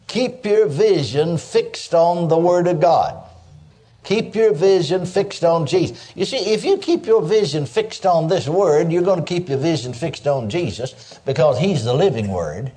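A man's voice: fairly high pitch, lively intonation, unhurried, mellow. A man preaching a sermon, emphatic, breaking in with cries of praise and calling on listeners to answer him. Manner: calls for audience response.

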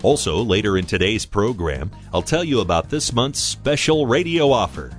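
Lively low-voiced radio announcer man. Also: moderate pace, faint music behind.

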